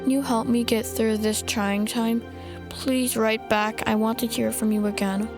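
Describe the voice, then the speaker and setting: A frightened young boy pleads earnestly for help from his father, played by a woman. The voice sits high and light. Background music runs underneath. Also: fairly even intonation, unhurried. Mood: frightened, pleading. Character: scared young boy writing to his dad.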